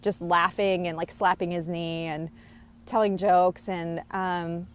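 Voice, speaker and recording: A woman speaks in a loose, rambling way as she passes on a spirit's words. Her voice sits a little low, and her talk is full of fillers, restarts and bursts of giggles. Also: level tone, slow, clean tone. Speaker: spirit medium relaying messages. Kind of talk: casual channeling monologue.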